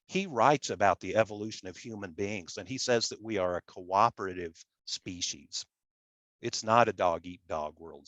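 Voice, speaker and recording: Middle-aged nasal Midwestern male lecturer, halting and self-deprecating, recorded close and dry. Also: on the low side, a bit bright, no room sound. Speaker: public relations scholar. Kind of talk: academic lecture with slides.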